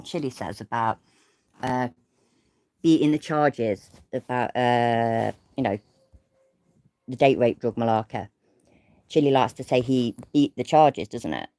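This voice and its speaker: Lying in bed away from home, a woman hosts an audio-only, no-camera livestream, rambling casually, poking fun at herself, and welcoming viewers by name. Her voice is very deep and a little mellow, with no echo.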